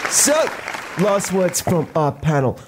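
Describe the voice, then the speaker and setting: A man impersonating a sardonic television debate presenter in a comedy sketch, speaking briskly and emphatically. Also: on the high side, a faint crowd, slight background noise, pitched above the performer's own voice. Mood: mocking. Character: pompous male debate-show presenter. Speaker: impression of a TV presenter.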